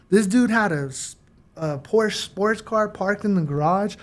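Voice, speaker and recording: A man telling his life story in a casual interview, slangy and animated, with many fillers. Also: sits high, moderate pace. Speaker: guest.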